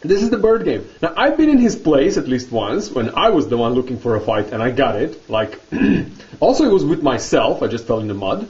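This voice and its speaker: Animated man telling a story with laughs. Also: mid-range voice, moderate pace, far from the mic, lo-fi sound. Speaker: vlogger. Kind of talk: casual storytelling monologue.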